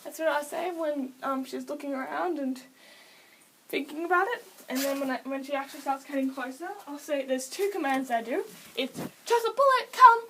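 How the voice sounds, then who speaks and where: A woman's voice: high voice, normal speed, distant mic, a little hiss or hum, low-quality recording. A teenage girl casually explaining how to train pets, rambling, interrupting herself and giggling between points. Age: late teens. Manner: chatty, self-interrupting, giggly asides. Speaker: vlogger explaining pet training.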